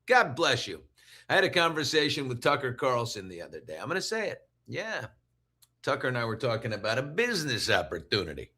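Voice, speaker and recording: A man hosting a casual morning show, animated and playful, laughing as he talks. He is recording in an unfamiliar room on a different mic than usual. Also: medium pitch, brisk. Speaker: host. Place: unusual room, somewhat echoey. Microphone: not his usual studio mic.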